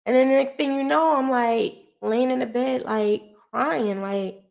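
A woman telling her own story in a casual vlog, candid and emotional, swearing freely, her voice dropping low and quiet, then rising loud and laughing. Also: measured pace, vocal fry.

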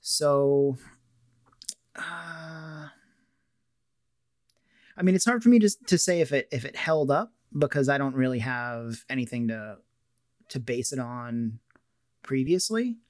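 A man giving his thoughts on a film in a relaxed, hesitant way, pausing on ums and restarting his sentences. His voice is at an ordinary middle pitch, and the recording is dry and close with no room echo. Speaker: podcast co-host. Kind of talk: casual movie review chat.

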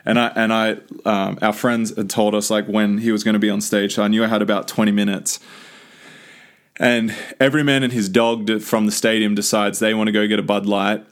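Aussie bloke telling a story, low voice, kinda monotone, keeps restarting himself. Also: male voice, brisk. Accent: Australian. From Australia. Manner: enthusiastic, rambling with many restarts. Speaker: podcast host. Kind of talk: casual storytelling monologue.

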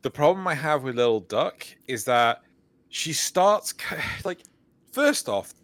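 A man co-hosting a casual podcast chat, telling stories with lively energy and acting out quotes. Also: a little high, measured pace, dry recording. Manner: animated storyteller, acts out quotes. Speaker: podcast co-host.

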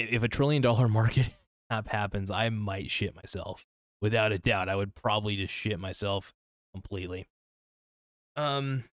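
A man hosting a casual solo podcast, talking in a loose, rambling, profane way with many restarts, his voice a little worn and hoarse. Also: fairly low pitch, no echo, clean studio sound. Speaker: podcast host.

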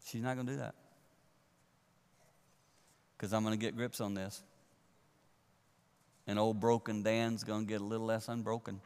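A man preaching a sermon to a congregation, animated and swinging from loud to a near hush for emphasis. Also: on the low side, moderate pace, pauses often, smooth. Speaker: pastor. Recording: long reverb of a large hall.

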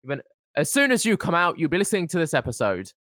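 A man hosting a podcast in casual comedic chat, joking around in quick banter with frequent laughs. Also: fairly high pitch, sing-song, a bit bright, dry recording. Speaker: podcast host.

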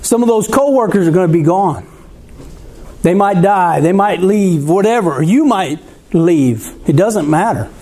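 A man preaches a sermon in a high but mellow, dark-toned voice. He talks conversationally, asking the congregation questions and waiting for their reply. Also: expressive, unhurried, breathy edge.

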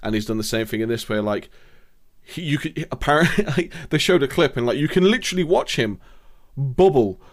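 A man's voice: medium pitch, expressive, brisk. A young man telling rambling, sweary stories in a casual gaming chat. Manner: rambling, sweary storytelling with laughs.

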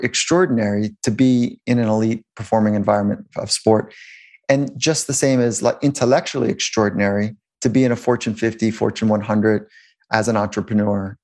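A man speaks as a sports psychologist in a relaxed interview, his voice sitting in an ordinary middle register. He rambles easily, restarting sentences and laughing softly as he builds his point. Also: mid-range voice. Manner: loose and rambling, with frequent restarts and chuckles. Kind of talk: conversational interview storytelling.

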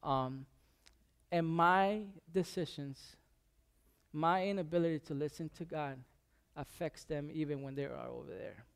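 A man's voice: on the high side, unhurried, gravelly, clean tone. A man giving an informal sermon, talking conversationally with many restarts and fillers. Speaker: preacher.

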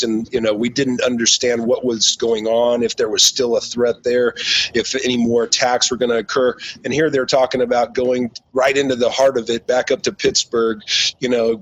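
A man's voice: mid-range voice, a bit bright, slightly rough, highs cut off. A man who is a former pro football player, telling a story in a blunt, profane way, loose with fillers. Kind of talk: casual storytelling.

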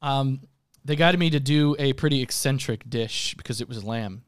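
A man of Greek heritage chatting casually as a guest, earnest, with halting restarts. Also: medium pitch, clean tone. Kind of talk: casual chat, telling a story.

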